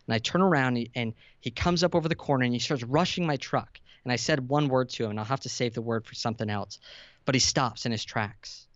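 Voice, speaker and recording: Young male guest, earnest storyteller, dry flat-sounding mic. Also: mid-range voice, fast talker, no room sound, highs cut off. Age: 20s. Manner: earnest, vulnerable, builds to intense emphasis. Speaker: podcast guest, entrepreneur. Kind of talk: emotional storytelling in conversation.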